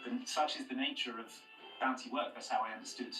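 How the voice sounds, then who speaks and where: A man playing a frontier bounty broker who talks fast and hesitantly, filling his speech with ums. The show audio sounds far off and echoey, with music running loudly underneath. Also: medium pitch, fairly even intonation, natural voice. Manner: quick, hesitant, full of ums. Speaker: quest giver in a played show. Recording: show sound played from a distance in a roomy space, music under it.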